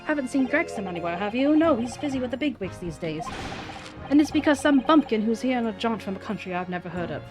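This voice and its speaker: Gruff, busy London inspector, clipped English accent, read by a woman streamer. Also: fairly high pitch, animated, quick pace, over music, natural voice. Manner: put-on English gentleman's accent, brusque. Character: gruff, impatient male London police inspector.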